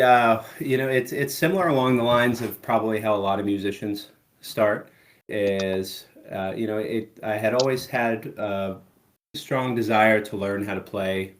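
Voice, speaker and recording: Deep-voiced rambling man. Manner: relaxed, rambling, many "you know" fillers. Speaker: guest musician. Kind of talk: casual interview chat.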